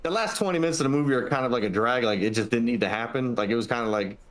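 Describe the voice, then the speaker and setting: A man talking casually as a podcast guest, rambling through his thoughts with lots of restarts. He swears offhandedly, and his voice sits at an ordinary middle pitch. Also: very fast. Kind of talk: casual chat.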